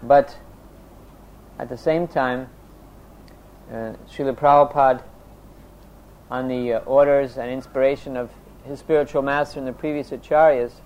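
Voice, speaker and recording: A man teaching a religious class, reading a scripture text steadily, then explaining it with pauses and fillers. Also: steady tone, lo-fi sound. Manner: chants prayers in a low voice.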